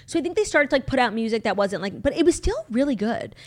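A woman co-hosting a podcast, talking in a chatty, animated way with lots of "like". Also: a little high, fast talker. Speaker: podcast co-host. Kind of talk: casual chat.

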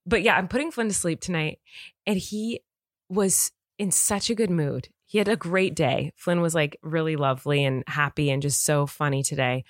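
A woman in her thirties co-hosting a casual podcast chat, telling an animated story and laughing often. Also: sits low, normal speed, no echo, clean studio sound. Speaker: podcast co-host.

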